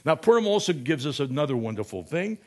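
A man's voice: a little high, big pitch swings, quick pace, darkish tone. A man giving a humorous lecture in a conversational way, often asking "right?" and correcting himself mid-word.

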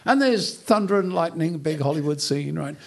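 A man giving a humorous lecture, telling a story as an animated, joking storyteller. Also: a little high, normal speed, vocal fry.

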